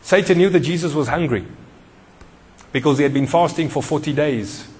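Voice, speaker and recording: A man's voice: on the high side, normal speed, a little mellow, in a large hall. A man preaching a sermon, emphatic and repetitive, putting questions to the congregation. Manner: emphatic, repeats key phrases, questions the congregation.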